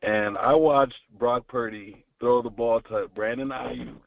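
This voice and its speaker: A man's voice: mid-range voice, fairly even intonation, slow pace, gravelly, no room sound, recorded from a distance. A man calling in to a sports show, frustrated and stumbling over repeated words. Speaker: caller. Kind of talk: call-in sports talk. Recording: tinny, breaking-up phone line.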